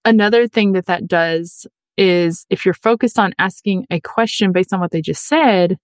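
A woman with a low-leaning voice hosts an advice podcast, recorded dry. She talks in an earnest, chatty monologue and acts out the voices of the people she quotes.

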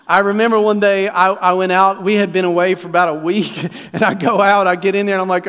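A man's voice: sits high, fairly even intonation, fairly quick, fairly bright tone, big-room sound. A man pastor preaching a sermon in a conversational, folksy way, with restarts and questions to the congregation. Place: church sanctuary.

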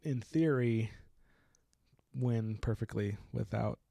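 Gravelly young man recapping a book. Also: mid-range voice, dry recording, clean studio sound. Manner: chatty recapping, quick laughs, animated retelling. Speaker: podcast co-host. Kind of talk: casual book discussion.

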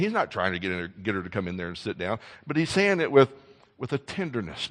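Earnest male preacher, loud and hushed. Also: mid-range voice, big pitch swings, fast, big-room sound. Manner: earnest, swings from loud emphasis to soft intensity; repeats words when starting sentences. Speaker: pastor. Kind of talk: sermon.

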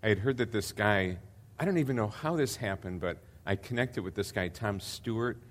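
A fairly low-pitched man speaking at a moderate pace delivers a sermon as a visiting pastor. He's older and earnest, hesitant with many fillers, and he builds toward emphatic repetition.

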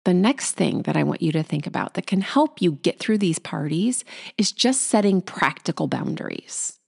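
A woman hosting a solo podcast about anxiety, talking quickly and acting out anxious inner thoughts. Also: fairly low pitch, gravelly, a little mellow. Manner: fast, tumbling, acts out anxious inner voices. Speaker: podcast host.

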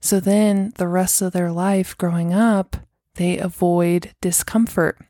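Solo podcast host, woman in her 30s, rambling casual chat, lowish mellow voice, dry close sound. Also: steady tone, slow pace, no echo. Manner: chatty, rambling, heavy use of "like" and "um".

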